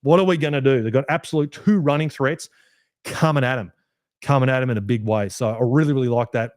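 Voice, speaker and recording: A man hosts a podcast, breaking down a match in loose, rambling fan talk full of swearing. His pitch sits at an ordinary middle level for a man. The recording is dry and close, with no room sound around him. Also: fairly quick, no echo. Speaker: podcast host. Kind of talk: solo sports review podcast.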